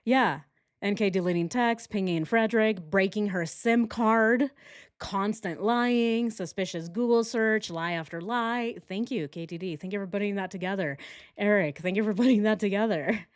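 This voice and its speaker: A woman's voice: medium pitch, normal speed, clean tone. Sarcastic woman hosting a reaction video. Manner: sarcastic, laughing, emphatic. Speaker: true crime reaction host. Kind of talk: casual reaction chat.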